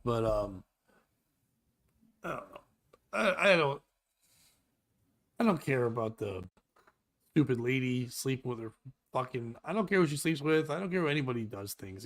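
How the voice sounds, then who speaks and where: A man hosting a comedy podcast, ranting in a loud, exasperated and profane way. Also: on the high side, sing-song, normal speed, pauses often. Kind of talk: crude comedic rant.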